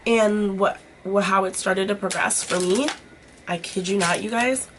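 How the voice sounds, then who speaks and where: A woman's voice: medium pitch, unhurried, noisy background. A young woman vlogger chatting casually while doing her makeup, swearing freely and filling her talk with "like". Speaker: beauty vlogger.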